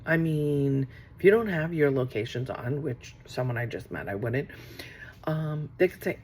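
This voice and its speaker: Middle-aged woman, casual vlog talk, gravelly fry in the voice, rambling, faint background hiss. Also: extremely low pitch, lively intonation, a little slow, darkish tone. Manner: rambling, acts out quoted exchanges. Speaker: vlogger. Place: office.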